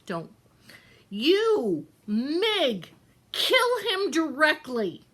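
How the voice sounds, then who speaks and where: Woman doing a shrill, bossy storybook cook. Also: wildly swooping pitch, extremely slow, fairly bright tone, full character voice. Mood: shouting. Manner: shrill, barking, impatient. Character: bossy loud female castle cook. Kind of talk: storybook reading aloud.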